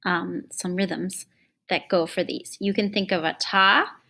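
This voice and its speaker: A woman music teacher giving an online lesson to children, patient and encouraging, slowing down sharply whenever she chants the lines. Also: on the low side, steady tone, creaky, pushed and bright.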